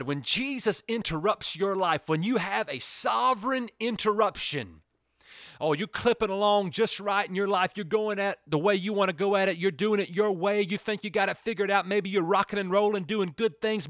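A man's voice: a little high, a bit bright, no room sound, clean studio sound. A man preaching a sermon with emphatic, dramatic delivery, acting out the voices he quotes.

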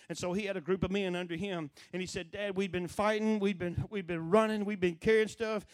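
A middle-aged man preaching, telling a story with lively acted-out voices. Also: high voice, no room sound. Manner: animated storyteller who acts out quoted voices. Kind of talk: sermon storytelling.

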